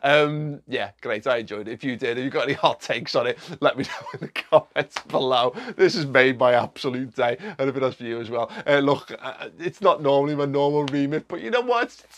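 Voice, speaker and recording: Guy vlogging to camera, swearing a lot and chuckling, medium pitch. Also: fairly even intonation, a little fast, few pauses. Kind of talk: casual commentary to camera.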